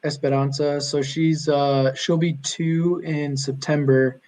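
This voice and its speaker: A young man, a podcast guest, chatting casually and telling animated stories with lots of fillers. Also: a little high, takes it slowly, poor audio. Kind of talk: casual chat.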